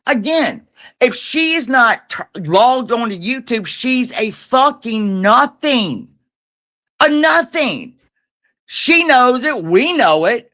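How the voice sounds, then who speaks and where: A guest on a livestream, a woman, tears into someone in a profane, taunting rant. Her voice is bright and sharp, and it swings up and down constantly as she talks. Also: fairly high pitch, big pitch swings, slow.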